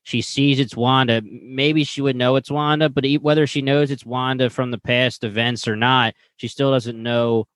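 A man's voice: mid-range voice, steady tone, moderate pace, hardly any pauses, a bit bright, no room sound. A man co-hosting a casual podcast, thinking aloud and hesitant as he explains his take. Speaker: podcast co-host. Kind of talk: casual chat about a TV show.

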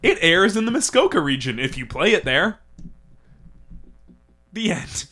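Inquisitive podcast host, played by a man, high and bright, deadpan questioner. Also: unhurried, heavily acted. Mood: probing. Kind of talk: improvised comedy podcast character.

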